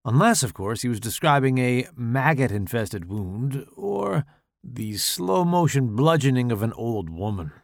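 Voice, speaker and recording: A man narrating a horror short story in an expressive, dramatic storytelling manner. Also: medium pitch, no echo, studio quality. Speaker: audiobook narrator.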